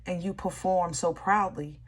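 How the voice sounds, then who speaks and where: A woman reading tarot cards for viewers, talking in a slow, soft, preachy way. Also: on the low side, steady tone, husky. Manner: emotional, exclaiming, with laughter and repeats. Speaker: tarot reader.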